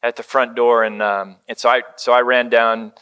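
Middle-aged guy preaching, bright voice, chatty storytelling sermon, gets real quiet on the comforting bits. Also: medium pitch, little pitch movement, normal speed, clear, resonant tone. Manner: conversational storytelling, dropping to a hush for quoted comfort. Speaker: pastor.

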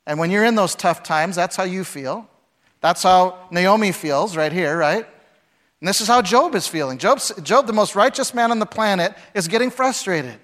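A man in the pulpit with a somewhat high voice delivers a dramatic sermon. He lurches from shouted, acted-out lines to low, quiet passages, telling the story with lots of energy. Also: normal speed. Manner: dramatic, acts out voices with big swings from shouting to hushed. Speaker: pastor.

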